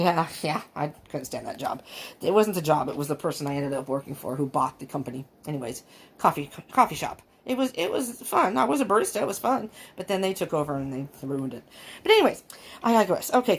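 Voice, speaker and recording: Chatty woman reading tarot at home. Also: on the low side. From California. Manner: rambling, chatty, laughs often. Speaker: tarot reader. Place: upstairs room at home with fan going. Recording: faint fan noise at home. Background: faint fan noise.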